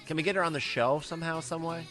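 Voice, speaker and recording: A man's voice: a little high, fairly even intonation, fast, over music. A man hosting a casual comedy podcast, riffing loosely and laughing through odd stories. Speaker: podcast host.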